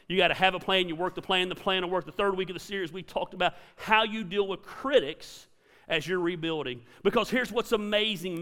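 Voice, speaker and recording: A man's voice: high-pitched, steady tone, fast talker, bright, forceful tone, clear, resonant tone. A middle-aged man preaching a sermon as a pastor, conversational and emphatic, with punchy repeated lines. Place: church auditorium. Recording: reverberant hall.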